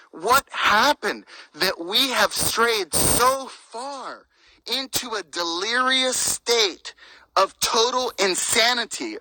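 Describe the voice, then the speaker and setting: A bright, tense voice preaches with fervent indignation and piles up rhetorical questions. The sound is dry and close, with no room around it. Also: medium pitch, no room sound, rough recording. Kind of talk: impassioned preaching monologue.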